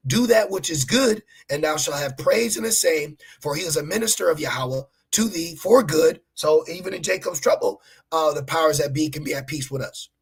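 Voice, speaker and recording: A man's voice: a little high, normal speed, breathy edge. A man preaching on a livestream, reading scripture aloud and talking straight to his listeners in a fiery, preachy way. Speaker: street preacher.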